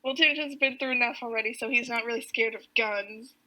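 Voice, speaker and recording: A woman's voice: a little high, a little fast, bright, forceful tone, poor audio. A woman co-hosting a podcast, casually retelling a comic, giggly, with lots of "like". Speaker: podcast co-host.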